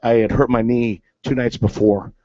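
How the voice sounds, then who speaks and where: Man telling an old ball story, mid pitch, rambling with fillers, dull lo-fi sound, dry. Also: steady tone, moderate pace, warm tone, dry recording. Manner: rambling, many fillers and restarts. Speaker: guest, former big-league catcher. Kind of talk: casual storytelling chat.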